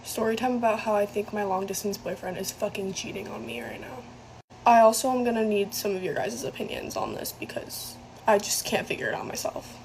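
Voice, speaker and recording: A woman's voice: medium pitch, expressive, brisk, vocal fry, darkish tone, a little hiss or hum, low-quality recording. A young woman telling a casual storytime in a rambling way, full of fillers. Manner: rambling, filler-heavy, asks for opinions.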